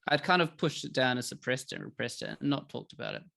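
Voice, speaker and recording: A middle-aged man, a podcast guest telling emotional stories in a candid, animated way. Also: mid-range voice, fast, gravelly. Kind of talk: candid conversational interview.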